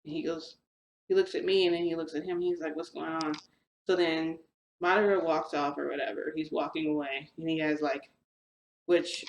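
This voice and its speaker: Young woman vlogger, low voice, echoey room, chatty storytelling with quoted dialogue. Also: a little hiss or hum. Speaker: vlogger telling a shifting story. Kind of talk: casual storytelling.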